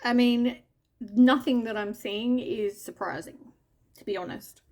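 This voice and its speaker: Slow chatty lady doing a tarot reading, bit high voice, offhand asides. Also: a little mellow. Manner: addresses the listener directly as you. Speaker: tarot reader. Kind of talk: casual tarot card reading.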